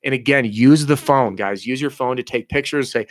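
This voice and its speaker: A man, coaching roofing salespeople in a blunt, energetic way while answering viewers' questions on a live stream. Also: medium pitch, normal speed, no room sound. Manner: energetic, blunt, motivational, acts out quoted dialogue. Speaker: sales trainer hosting a live Q&A.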